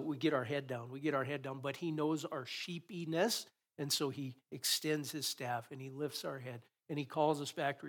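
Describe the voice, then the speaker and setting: A man's voice: on the high side, fairly bright tone. Passionate male pastor preaching a sermon. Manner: preaching with rising passion, rhetorical questions. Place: church sanctuary.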